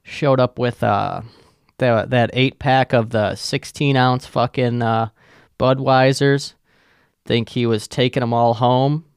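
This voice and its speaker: A man's voice: mid-range voice, steady tone, takes it slowly, clear, resonant tone, dry recording, clean studio sound. A man with a profane, sarcastic manner, rambling through a casual solo rant as a podcast host.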